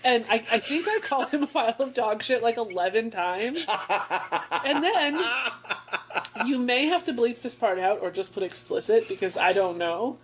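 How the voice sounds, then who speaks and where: A woman's voice: fairly high pitch, moderate pace. A woman co-hosting a podcast, telling a story in casual chat with a profane, mocking manner. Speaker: podcast co-host.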